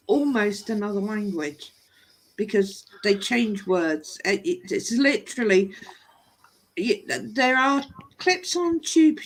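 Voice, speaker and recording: A woman chatting casually on a live stream as co-host, laughing often and mimicking regional accents. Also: fairly high pitch.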